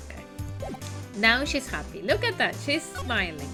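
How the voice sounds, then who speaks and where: A chatty woman streamer talking to viewers during a live game stream, with a high, lively voice. She tosses off amused asides between bits of dialogue. Game music plays behind her. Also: unhurried.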